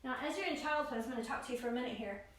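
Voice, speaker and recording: A woman leads a yoga class with a bright, high voice, calling out each pose and breath in a steady rhythm. She sits well back from the microphone. Her voice rings through a strongly echoing room. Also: racing. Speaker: yoga instructor. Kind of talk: guided yoga class instruction. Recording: very echoey room, voice far from mic.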